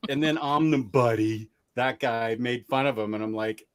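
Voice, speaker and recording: A man's voice: medium pitch, moderate pace, few pauses, clean tone, dry recording, studio quality. Self-mocking man hosting a chatty livestream. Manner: rambling and self-mocking, laughs mid-sentence. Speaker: livestream host reading viewer comments. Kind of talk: casual chat.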